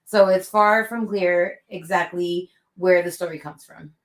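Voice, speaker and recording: A woman's voice: lowish voice, fairly even intonation, unhurried. A woman co-hosting a casual livestream chat, chiming in with short agreeing replies. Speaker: co-host. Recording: roomy echo.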